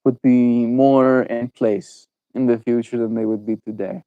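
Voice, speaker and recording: A South African man in his twenties, chatting with viewers in a slow, musing way during a stream. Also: mid-range voice, fairly even intonation, no room sound, phone-quality sound. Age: 20s. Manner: slow, drawn-out and musing, laughs easily. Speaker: daily livestreamer. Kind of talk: reflective stream chat with viewers.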